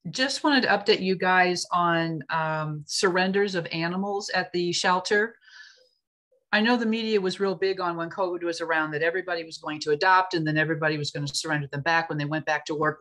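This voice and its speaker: A woman's voice: low-pitched, a bit bright. A woman animal shelter worker giving a plain, practical update in an online video meeting. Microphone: video call.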